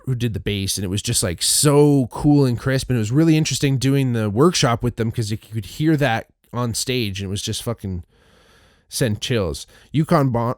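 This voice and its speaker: A man's voice: medium pitch, a little mellow, no echo, studio quality. A male podcast host casually recounting a festival weekend, rambling with frequent restarts, fillers and swearing. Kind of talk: casual solo recap.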